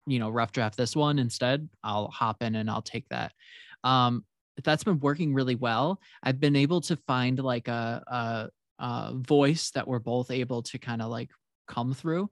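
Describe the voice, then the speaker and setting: A man talking casually about co-writing and editing, relaxed and hesitant, with many fillers and restarts. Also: medium pitch, no echo, studio quality. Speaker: co-writer and editor. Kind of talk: casual podcast conversation.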